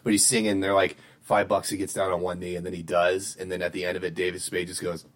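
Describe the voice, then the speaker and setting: Young guy, relaxed, low-ish pitch, casual swearing, retells comedy bits among friends. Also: fast talker. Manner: laid-back, swearing, retelling comedy scenes with laughs. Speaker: friend chatting. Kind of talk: casual chat.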